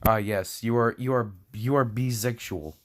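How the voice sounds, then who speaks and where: A young man with a mid-range voice reads a fan story aloud for comedy at normal speed. He keeps breaking off for sarcastic asides, laughs often and trips over words.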